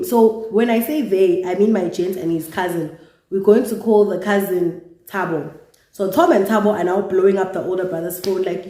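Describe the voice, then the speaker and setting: A woman's voice: medium pitch, warm tone. A young South African woman with a South African accent telling a storytime tale in casual, chatty talk that mixes in Zulu slang. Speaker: vlogger. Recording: roomy echo.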